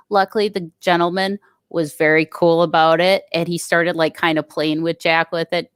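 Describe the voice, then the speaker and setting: A woman with a somewhat low voice chatting easily about life with her kids. She laughs often and talks in loose, rambling sentences. The sound is dry and close-miked. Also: normal speed, no echo. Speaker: guest parent. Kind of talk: casual podcast chat.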